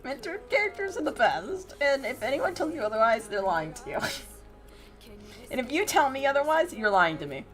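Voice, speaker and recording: A young woman with a fairly high, very lively voice rambles through a casual stream chat. She swears freely, laughs often, and jumps into squeaky put-on voices to act out both sides of remembered arguments. Faint music plays under her talk. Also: brisk.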